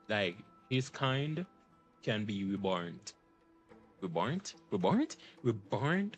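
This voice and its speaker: A young male streamer talks over a game in a fairly low voice, loose and heavily profane. He often laughs through his words as he reacts. He speaks into a desk mic. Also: a bit bright. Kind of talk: casual game reaction commentary. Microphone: desk microphone.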